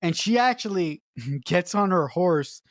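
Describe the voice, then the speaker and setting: A podcast co-host excitedly retelling favorite film scenes, laughing and swearing along the way. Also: medium pitch, measured pace, no room sound, studio quality. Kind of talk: casual film review chat.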